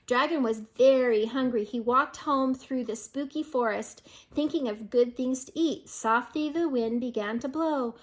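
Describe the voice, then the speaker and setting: An older woman storyteller reads a picture book aloud to children in a high voice, a little slow and with few pauses. She sounds amused and keeps breaking in with chatty asides.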